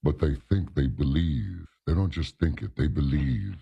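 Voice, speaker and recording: A man's voice: extremely low pitch, animated, moderate pace, vocal fry, breathy edge, muffled recording. A man hosting an interview, speaking in a blunt, emphatic way. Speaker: host. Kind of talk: casual interview talk.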